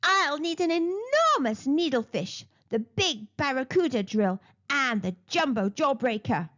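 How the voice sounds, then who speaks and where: A woman's voice: high-pitched, big pitch swings, unhurried, a bit bright, highs cut off, pitched above the performer's own voice, exaggerated voice. Woman doing a jittery dolphin dentist. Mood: nervous. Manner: stammering, panicky. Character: jittery male dolphin dentist, easily scared.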